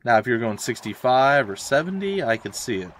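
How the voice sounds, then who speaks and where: A man's voice: mid-range voice, big pitch swings, a little fast, slight background noise. A young adult man, rambling and ranting in casual chat while streaming a game. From Florida, USA. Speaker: let's play streamer.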